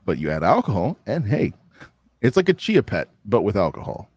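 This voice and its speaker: A young man chatting as a guest on a stream, relaxed and joking, with sudden lively bursts. His voice sits a bit low, recorded dry and close. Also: fairly quick, breathy edge, no echo. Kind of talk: casual livestream chat.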